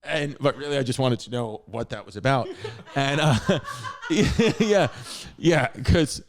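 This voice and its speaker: Rambling animated male podcast host. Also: mid-range voice, unhurried, noisy background. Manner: rambling, animated, profane, lots of restarts. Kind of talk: casual storytelling.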